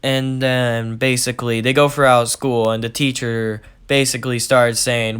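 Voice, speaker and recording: Young guy telling a story all casual, says basically a lot, mid pitch. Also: flat delivery, moderate pace, few pauses, a bit bright, clear, resonant tone. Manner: rambling, full of "like" and "basically". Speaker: channel storyteller. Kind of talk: casual retelling of a fan story.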